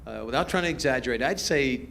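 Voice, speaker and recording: A man, a pastor, answering audience questions in a relaxed, storytelling way, chuckling as he goes. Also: medium pitch, fast, vocal fry, a little hiss or hum. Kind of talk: casual Q&A talk to a youth group. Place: church event hall with a live audience.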